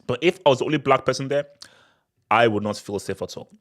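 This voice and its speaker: Man, casual live Q&A host, middle pitch, frequent restarts, laughs a lot. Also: fast. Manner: animated, repetitive restarts, laughs often. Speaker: football channel host.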